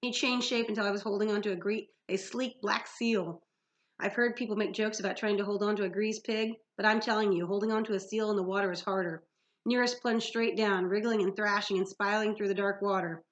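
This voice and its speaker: A woman teacher reading a novel aloud to her class in an expressive storytelling manner, with small slips. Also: mid-range voice, highs cut off.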